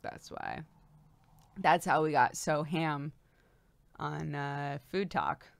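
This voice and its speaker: A woman's voice: low-pitched, big pitch swings, slow, gravelly, no room sound. A woman co-hosting a livestream with a playful, giggly manner, chatting casually and reading bits of articles aloud. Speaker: livestream co-host.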